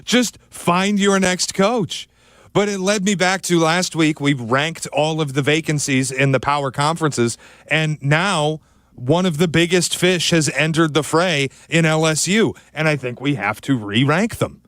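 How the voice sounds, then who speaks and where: A man hosting a sports radio show, chatting in an animated, joking way. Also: on the high side, normal speed, no room sound, clean studio sound. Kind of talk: casual sports talk.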